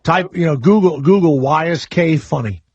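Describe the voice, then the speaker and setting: A man's voice: on the high side, moderate pace, a little mellow, husky, no echo, lo-fi sound. A man hosting a call-in radio talk show, brash, crude and joking with callers. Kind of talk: casual call-in radio banter. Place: radio studio.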